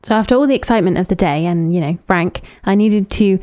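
A woman's voice: medium pitch, quick pace, darkish tone. A woman co-hosting a casual chat podcast, recapping events and reading out lists of names. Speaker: podcast co-host.

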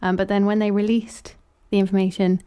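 Woman podcast host, teasing and lively, recorded very dry. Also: mid-range voice, a little fast, smooth, no echo. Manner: playful, teasing. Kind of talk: casual chat.

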